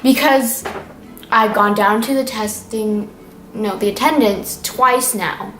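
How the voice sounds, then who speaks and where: A woman's voice: mid-range voice, slow. A teenage girl giving a casual weekly vlog update, chatty and rambling with lots of fillers. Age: teens. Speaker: vlogger. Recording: echoey room with faint noise.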